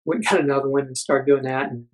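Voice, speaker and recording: A man's voice: medium pitch, steady tone, quick pace, poor audio. A middle-aged man, a podcast guest, telling a personal story earnestly, with frequent restarts and acted-out quotes. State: blind military veteran.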